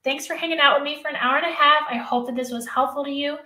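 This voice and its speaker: A woman's voice: high voice, fairly even intonation, fast, pushed and bright, reverberant. A woman hosting a live teacher workshop, answering chat questions by name in a chatty, self-correcting way, and she is losing her voice.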